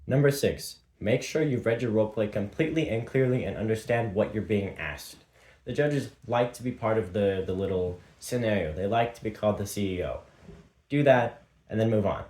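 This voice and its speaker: A man giving fast, punchy tips on business presentations in a motivational talk. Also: lowish voice, a little mellow, reverberant. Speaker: presentation skills coach.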